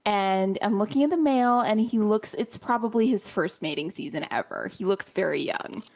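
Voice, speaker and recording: A woman chatting casually before a tabletop game, telling an amused, animated story. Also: mid-range voice, moderate pace.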